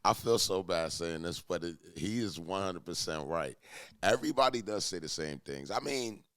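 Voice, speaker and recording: A man's voice: deep voice, animated, moderate pace, a bit bright, clear, resonant tone. A man hosting a reaction video, talking casually about the comedy he is watching. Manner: laughing, incredulous reactions.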